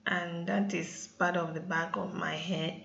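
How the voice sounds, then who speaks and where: A woman's voice: fairly low pitch, little pitch movement, a little slow, gravelly, fairly bright tone, muffled recording, slight background noise. A woman with talking casually over her hair-care vlog, often addressing viewers as "guys". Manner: chatty, keeps saying "guys". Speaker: hair vlogger.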